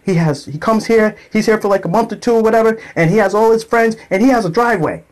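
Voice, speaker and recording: Angry woman ranting, mimicked by a man, shrill, high-pitched, indignant. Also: fast talker, close to an everyday voice. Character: angry middle-aged woman complaining about parking.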